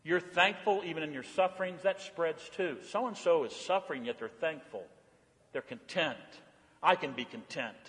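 Preaching in a large hall at normal speed, a male pastor is animated, his voice climbing high and loud on exclamations and sinking low and quiet on reflective lines.

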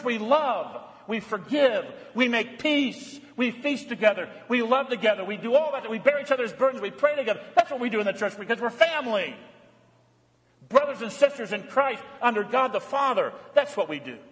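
A male pastor delivers a sermon in a fairly high voice. He pushes out loud, emphatic phrases, then drops into hushed, soft passages. His words trail off into the long reverb of a large sanctuary.

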